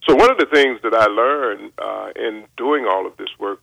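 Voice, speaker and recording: Older man with a gravelly voice. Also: fairly low pitch, fairly bright tone, no room sound, poor audio. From North Carolina, USA. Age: 70s. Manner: measured, formal, with frequent pauses and "uh" fillers. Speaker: guest chemist. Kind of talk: radio interview. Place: radio studio.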